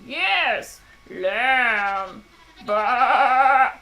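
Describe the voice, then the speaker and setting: A woman voicing Stan, a curious little boy who answers slowly and makes animal sounds. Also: a little high, expressive, sharp tone, a little hiss or hum, exaggerated voice.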